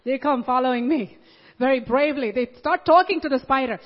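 A woman's voice: sits high, a little fast. A woman preaching a sermon, telling stories and acting out the voices of the people in them. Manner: animated storytelling, acts out the voices. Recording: dull audio in a large reverberant hall.

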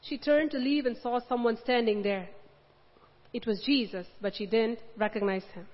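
A woman's voice: a little high, normal speed. Impassioned woman preaching in a reverberant hall. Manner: impassioned, acts out Mary's pleading lines. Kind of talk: sermon. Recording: dull sound with long hall reverb.

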